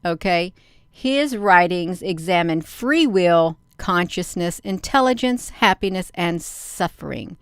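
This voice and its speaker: Woman host, urgent, repetitive, smooth clear voice, dry close sound. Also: on the low side, lively intonation, takes it slowly, no echo. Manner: urgent, repetitive, addresses viewers as "you all". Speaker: video host. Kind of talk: casual talk to camera, reading on-screen articles.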